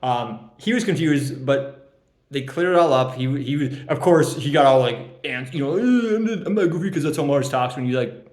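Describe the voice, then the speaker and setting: A man's voice: mid-range voice, moderate pace, a little mellow. Young guy ribbing his league buddies, rambly with lots of ums, roomy echo. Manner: teasing, rambling, laughs at own jokes, many ums. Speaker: fantasy league commissioner giving draft grades. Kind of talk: joking casual roast.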